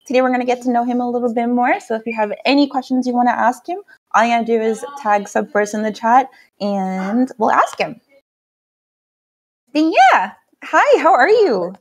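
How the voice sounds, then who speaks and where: A woman co-hosting a casual podcast on a call mic, bubbly and quick to laugh. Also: on the high side, expressive. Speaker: podcast co-host.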